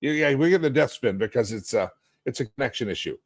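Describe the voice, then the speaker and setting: A middle-aged man hosting a live political talk stream from a hotel suite, sarcastic and animated, rambling and restarting as he goes. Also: medium pitch, quick pace, dry recording. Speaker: talk show host.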